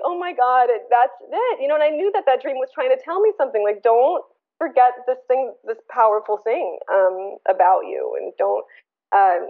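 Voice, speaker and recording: American woman in her 30s, kinda high voice, lots of stops and restarts, sounds like a thin phone line. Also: vocal fry. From United States. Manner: earnest, searching, full of restarts and fillers. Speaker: guest artist. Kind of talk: casual interview storytelling.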